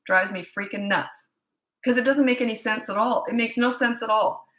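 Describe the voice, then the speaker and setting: A woman's voice: fairly high pitch, moderate pace, a bit bright, echoey room, a little hiss or hum. A woman parenting coach giving blunt, emphatic advice in a casual monologue, repeating her points for stress.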